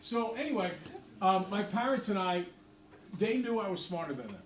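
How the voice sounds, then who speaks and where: A man's voice: sits high, very animated, moderate pace. A man teaching a math class, telling a chatty story to his students between worked examples. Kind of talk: classroom lecture with stories. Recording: echoey classroom from far off.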